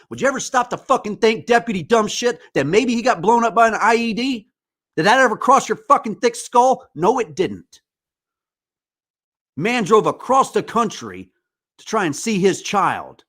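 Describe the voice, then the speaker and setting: A man's voice: high-pitched, a bit bright. A man in his forties, a podcast host, delivering an angry, profane, impassioned monologue. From United States.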